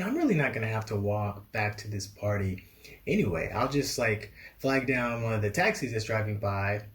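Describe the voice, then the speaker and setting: Young man, storytime vlog, animated, acts out dialogue, laughs often. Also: medium pitch.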